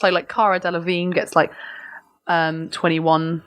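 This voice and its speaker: A woman's voice: on the low side, fairly quick, fairly bright tone. A woman co-hosting a podcast in casual chat, hesitant with many ums and frequent laughs. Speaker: podcast co-host.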